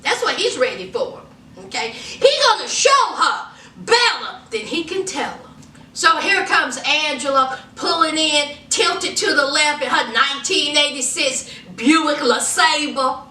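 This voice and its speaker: Woman, sassy recap chatter, very high bright voice, echoey room, mic a bit far off. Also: unhurried. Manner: sassy, animated, acts out quotes. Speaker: reality show reviewer. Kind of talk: casual commentary.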